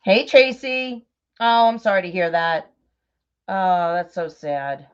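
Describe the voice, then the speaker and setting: A middle-aged woman hosts a bow-making craft livestream, her lowish voice clear, resonant and expressive as she takes things slowly. She chats casually, greets viewers by name and laughs often, all in dull lo-fi livestream audio.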